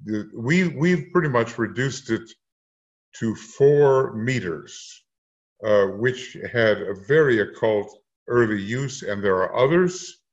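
A man leading a casual discussion, speaking haltingly with many pauses and fillers. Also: mid-range voice, animated. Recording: muffled lo-fi sound.

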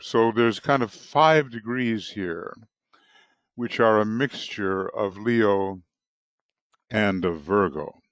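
A man with a hoarse morning voice teaches astrology in a slow, unhurried lecture. His voice sits fairly low and sounds close and dry, with no room around it. He talks in a halting, deliberate way, pausing as he works out each point. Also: no echo.

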